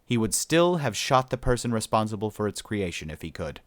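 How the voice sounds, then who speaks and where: A man's voice: fairly low pitch, very animated, fairly quick, no room sound. A man narrating a sci-fi story as an audiobook reader, storytelling steadily and voicing each character.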